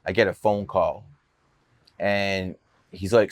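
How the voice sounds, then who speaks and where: A man with a low, steady voice talks a little slowly, leaving long pauses, with no echo in the recording. He's a numerologist guest on a podcast, from the Cleveland area, USA, casually telling boastful, brash, profane stories about his career.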